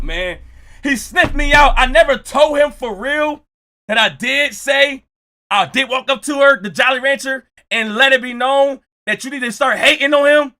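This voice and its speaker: A young man telling a story with jokes, acting out quotes and often shouting. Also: extremely high pitch. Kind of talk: animated storytelling.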